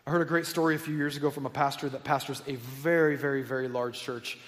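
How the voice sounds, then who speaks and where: A man's voice: medium pitch, fairly even intonation, fast talker. A man preaching a sermon to his church congregation, telling stories in an earnest, conversational way. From United States. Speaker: pastor. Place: church sanctuary. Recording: long hall reverb.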